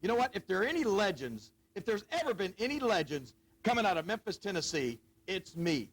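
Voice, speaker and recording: Brash, boastful man with a lively voice. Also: high-pitched, a little fast, slight background noise, poor audio. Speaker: wrestler cutting a promo. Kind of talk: live TV wrestling promo.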